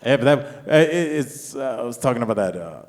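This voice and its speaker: A man in his forties doing a stand-up set, telling a rambling family story with restarts and climbing into loud, high rants. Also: expressive, fairly quick. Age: 40s. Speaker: stand-up comedian. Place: comedy club stage. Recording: long hall reverb.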